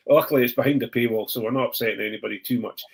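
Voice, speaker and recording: A man's voice: medium pitch, fairly even intonation, rapid-fire, creaky, breathy edge. A man hosting a casual podcast chat, rambling with many ums and self-corrections. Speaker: podcast host.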